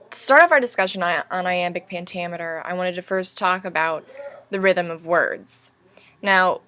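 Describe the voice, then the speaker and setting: A young woman teaching a recorded lesson over slides, speaking slowly and deliberately as she spells out each stress. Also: lowish voice, sharp tone.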